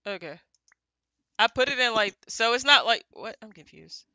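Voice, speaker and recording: A woman's voice: a little high, expressive, normal speed, sharp tone, no echo. A woman streaming a game with viewers, chatting casually and muttering to herself as she sets things up. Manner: distracted, muttering while setting up the game. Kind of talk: casual gaming chat.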